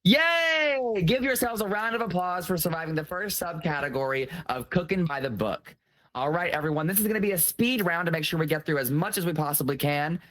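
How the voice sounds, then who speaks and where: Playful, teasing game show host whose pitch leaps around freely, keeping the contest moving with quick jokes and frequent laughs, heard over a video call. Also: lively intonation, fairly bright tone. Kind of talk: hosting a casual online game show.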